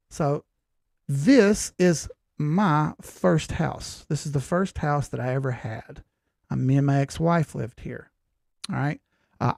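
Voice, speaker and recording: A man's voice: a little high, creaky, darkish tone, no echo, clean studio sound. A man in his forties hosting a crypto chart analysis show in a folksy, rambling, jokey way. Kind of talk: casual chart analysis talk.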